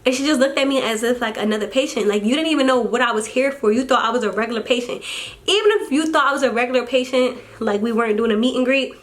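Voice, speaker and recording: A woman's voice: a little high, fast. Teary young woman venting candidly. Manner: candid and swearing, mimics others' voices. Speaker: vlogger. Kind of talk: casual storytime vlog.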